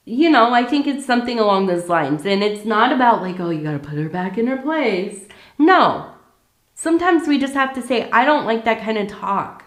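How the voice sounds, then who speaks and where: A woman's voice: on the low side, echoey room. A woman doing a casual ASMR tea leaf reading, talking in a chatty way with many fillers and asides.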